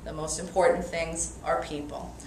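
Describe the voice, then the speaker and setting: A motivational speaker from Brooklyn, New York, gives an energetic, playful talk to an audience in a meeting room, calling for their responses. Her voice sits low and she speaks at a normal pace. The recording is distant and echoey, with faint background noise.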